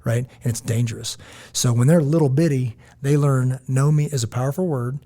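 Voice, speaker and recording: An American man co-hosting a podcast, chatting casually and telling stories, acting out quotes in lively voices. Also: mid-range voice, normal speed. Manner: animated storytelling, quotes others in lively voices. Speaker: podcast co-host. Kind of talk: casual chat.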